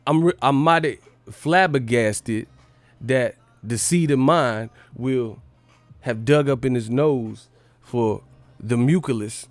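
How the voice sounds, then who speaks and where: A man's voice: medium pitch, slow pace, no room sound, soft background music, lightly acted. A man impersonating a pompous rapper who uses grandiose, overly formal words.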